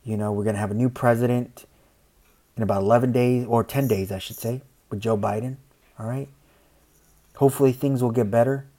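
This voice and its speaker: A man speaking his mind in a casual monologue, rambling, saying "you know" often and acting out other people in quick asides. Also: mid-range voice, fairly even intonation, dark tone. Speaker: commentator.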